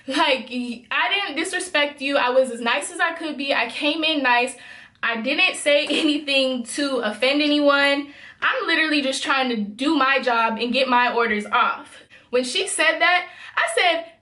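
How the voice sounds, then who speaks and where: A woman's voice: high voice, pushed and bright, roomy sound. A young woman from Memphis, telling a worked-up, emphatic storytime straight to her viewers. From Memphis, USA. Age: young adult. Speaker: vlogger. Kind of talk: storytime vlog.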